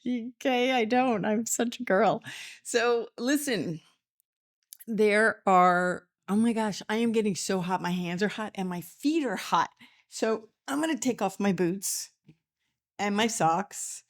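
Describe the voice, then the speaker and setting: A woman's voice: medium pitch, takes it slowly. A woman hosting a spiritual podcast from a small office studio, chatty and emotional, laughing often and close to tears. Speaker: podcast host. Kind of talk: casual spiritual podcast talk.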